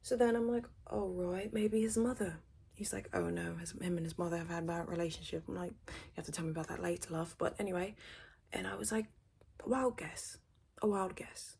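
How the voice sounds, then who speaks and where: A young British woman doing a whispered role-play, gossiping quickly and switching between whispers and a soft voice, close to the mic. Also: lowish voice, steady tone, gravelly, a little hiss or hum. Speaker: ASMR creator.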